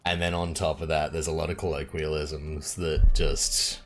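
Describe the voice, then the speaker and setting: Low-voiced Australian man, chatty streamer. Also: moderate pace, soft background music. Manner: chatty and relaxed, laughs often, many fillers. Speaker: game streamer. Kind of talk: casual live-stream chat while playing.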